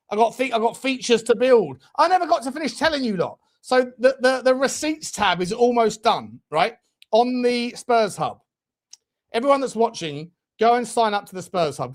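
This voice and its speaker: A man hosting a live football watchalong for fans, chatting casually, swearing and laughing often. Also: high voice. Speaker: fan channel host. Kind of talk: live match watchalong chat.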